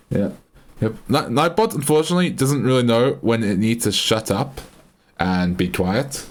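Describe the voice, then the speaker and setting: Here's a medium-pitched Australian man with lively intonation, speaking at a moderate pace during a casual live stream. His talk is chatty and meandering, often interrupted by his own restarts.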